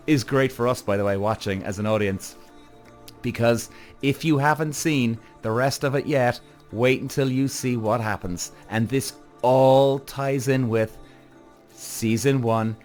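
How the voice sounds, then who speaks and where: Excitable, swearing male podcast host. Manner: excitable, profane, big pitch swings. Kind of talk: TV reaction commentary.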